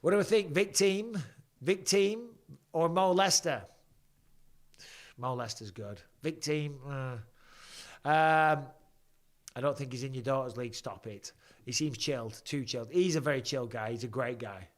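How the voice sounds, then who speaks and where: A man in his forties with a mid-range voice talks at normal speed while hosting live fight commentary at home. He's relaxed and jokey, voicing viewer questions and answering them.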